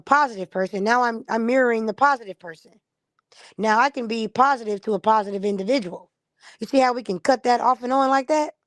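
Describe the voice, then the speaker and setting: A woman's voice: a little high, no echo, studio quality. A woman streamer in a casual live-stream monologue, blunt and profane, acting out the people she quotes.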